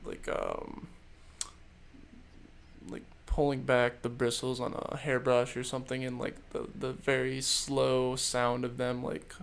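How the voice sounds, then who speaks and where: A man's voice: medium pitch, completely flat delivery, unhurried, gravelly, clean tone. A young man hosting a podcast, chatting casually and rambling with many fillers. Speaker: podcast host. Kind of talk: casual chat.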